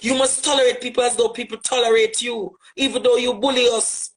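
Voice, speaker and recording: A man with a Jamaican accent, giving an impassioned direct address as a social media commentator, forceful and rhetorical, repeating phrases for emphasis. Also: extremely high pitch, fairly even intonation, brisk, gravelly, poor audio.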